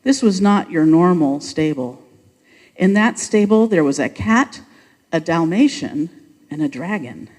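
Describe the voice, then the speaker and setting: An upbeat leader tells the nativity story and cues the congregation for an unrehearsed pageant. The voice is mid-pitched and carries a long reverberant tail from the church sanctuary. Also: expressive, measured pace, a little mellow. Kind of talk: narrating and directing a church pageant.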